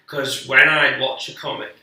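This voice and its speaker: A man's voice: medium pitch, little pitch movement, moderate pace, pushed and bright. A man, a guest comedian telling rambling, sweary, self-mocking stories on a podcast. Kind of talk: casual podcast storytelling. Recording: echoey room, speaker distant from the mic.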